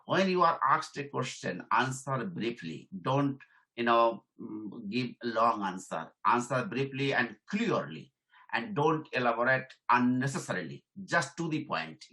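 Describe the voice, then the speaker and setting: A middle-aged man teaches in a loose, conversational way. His voice is bright, at a middling pitch. He repeats key points and keeps checking in with "okay?". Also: low-quality recording. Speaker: career trainer and professor. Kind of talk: informal teaching talk.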